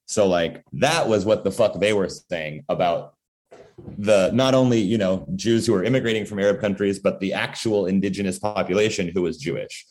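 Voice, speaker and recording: Man, very low voice, casual guest talk, loose and profane, lots of "like". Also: normal speed, darkish tone. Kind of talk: casual conversation.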